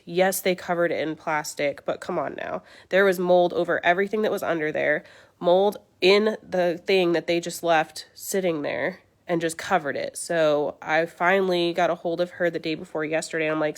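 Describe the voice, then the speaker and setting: A young woman hosting a casual beauty livestream sounds congested and sore from illness. Her voice is low-pitched for a woman, and she chats and vents to her viewers about her frustrations.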